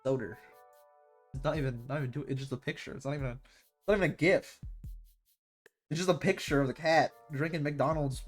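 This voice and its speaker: A man's voice: a little high, fairly even intonation, a little fast, long pauses, soft background music. A young man chatting casually with his viewers while playing, rambling and slangy. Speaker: streamer. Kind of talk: casual gaming stream chat.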